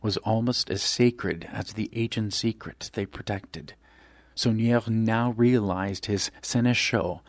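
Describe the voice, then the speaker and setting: A man narrating a thriller audiobook in a measured, suspenseful delivery. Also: sits low, dry recording.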